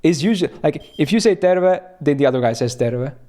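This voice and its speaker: A man's voice: on the high side, animated, fast, warm tone. A young man from Finland chatting casually on a game stream, rambling and laughing as he answers chat.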